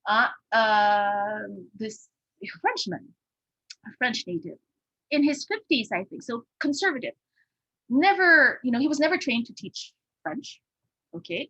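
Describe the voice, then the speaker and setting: A woman's voice: medium pitch, sharp tone, breathy edge, dry recording, low-quality recording. A woman with a Filipino accent giving an informal presentation on language learning, tagging her points with "okay?" and "no?" and using many fillers.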